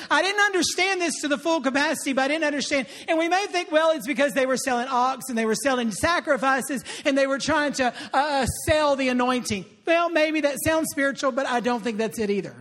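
Male pastor, high voice, animated call-and-response preaching style. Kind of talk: sermon.

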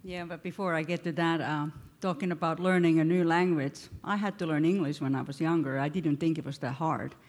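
A woman's voice: low-pitched, steady tone, fairly quick, hardly any pauses, a little mellow, long reverb tail. Woman, 50s, from Finland, lighthearted missionary storyteller. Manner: lighthearted, laughing through a funny story. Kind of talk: storytelling to a church.

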